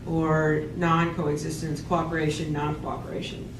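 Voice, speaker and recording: A male moderator pushes a panelist to focus, in a level, fairly high voice. He is recorded from afar in an echoey room with clear background noise. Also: completely flat delivery, moderate pace. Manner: probing, pressing with follow-up questions. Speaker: debate moderator. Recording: distant, roomy with clear noise.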